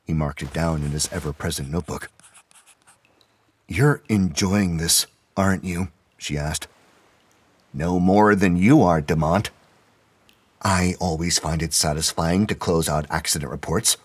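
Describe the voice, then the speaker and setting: A man narrating an audio drama and reading all the characters' lines in a steady storytelling manner. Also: low-pitched, unhurried, pauses often, breathy edge, no echo.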